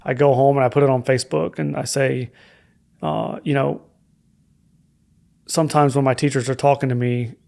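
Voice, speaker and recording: A man's voice: mid-range voice, steady tone, normal speed, creaky, pauses often, a little mellow. A young adult man telling his own life story as a guest on a podcast, candid and reflective, with frequent hesitant fillers. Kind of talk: personal story in a podcast conversation.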